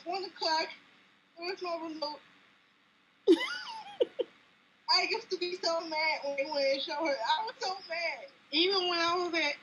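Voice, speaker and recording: Young adult woman, high and bright, tearful and gushing; dull lo-fi recording with faint hiss. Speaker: fan giving a video message. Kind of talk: emotional personal testimony.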